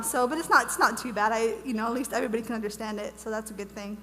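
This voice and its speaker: A woman's voice: a little high, fairly even intonation, rapid-fire, bright, forceful tone. A young woman from Wales who now speaks with an American accent, giving a bubbly, chatty testimony as a guest speaker at a church conference, full of fillers and restarts. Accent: American, lost her Welsh accent. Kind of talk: casual testimony talk at a conference. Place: church hall. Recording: reverberant hall, faint hum.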